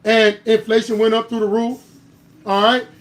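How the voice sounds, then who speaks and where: A man's voice: high-pitched, flat delivery, normal speed. A man hosting a political commentary livestream, arguing hard and driving his points home with repeated "All right?". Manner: heated and argumentative, builds to louder bursts. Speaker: host.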